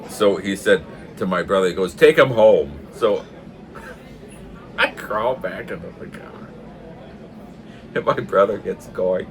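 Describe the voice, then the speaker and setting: An older man telling a funny story in a casual way, laughing hard often and acting out the shouted lines himself. He talks in a pub. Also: low voice, fairly even intonation, slow pace, pauses often.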